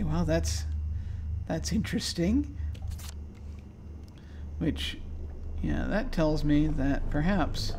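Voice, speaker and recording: A man plays through a video game and chats about what he sees, often trailing into quiet, mumbled asides. His voice sits a little higher than most men's. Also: animated, drawn-out words, long pauses, a little hiss or hum. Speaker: gameplay commentator. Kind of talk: casual let's play commentary.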